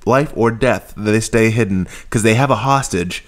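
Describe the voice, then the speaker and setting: A man's voice: lowish voice, moderate pace. A man co-hosting a podcast, ranting in casual chat and acting out characters' lines in mocking put-on voices. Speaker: podcast co-host.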